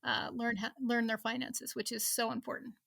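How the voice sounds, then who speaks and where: A woman's voice: on the high side, level tone, moderate pace, creaky, fairly bright tone, no room sound, clean studio sound. A woman in her fifties, a reporter chatting as an interview guest, laughing often and restarting her sentences. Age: 50s. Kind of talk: casual interview chat.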